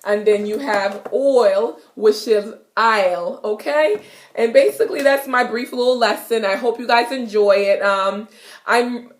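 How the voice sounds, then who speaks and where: Chatty Jamaican woman teaching slang. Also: on the high side. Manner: chatty, repeats each phrase slowly. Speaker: language teacher vlogger. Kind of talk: casual video lesson. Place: her apartment. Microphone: self-recorded camera.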